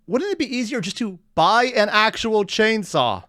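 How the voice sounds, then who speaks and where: A man hosting a reaction video, chatting in an excitable, rambling way. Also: high-pitched, normal speed, no echo, studio quality. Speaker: reaction channel host. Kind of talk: casual reaction commentary.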